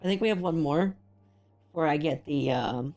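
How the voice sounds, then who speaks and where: A woman with a low-pitched voice talks over a game she is streaming. She rambles with plenty of ums, and she sounds unwell and drained of energy. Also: moderate pace, a little mellow, faint music behind. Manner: rambling, frequent laughs and ums. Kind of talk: casual gameplay commentary.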